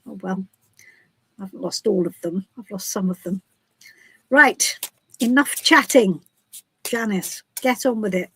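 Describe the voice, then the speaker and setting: A woman's voice: medium pitch, measured pace, pauses often, a bit bright, slightly rough, no room sound, rough recording. A woman from the UK hosting a casual live stream as a tarot reader, chatty and giggly with many restarts. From United Kingdom.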